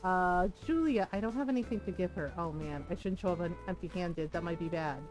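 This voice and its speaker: A woman streamer chatting casually while she plays a life-sim game, giggly and quick with jokey asides. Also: lowish voice, a little mellow, faint music behind. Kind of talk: casual gameplay commentary.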